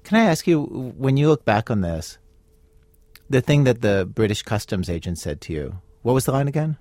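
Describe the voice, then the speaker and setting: A man's voice: mid-range voice, very animated, normal speed, darkish tone, dry recording. Dry-sounding male radio host. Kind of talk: scripted radio narration and interviewing.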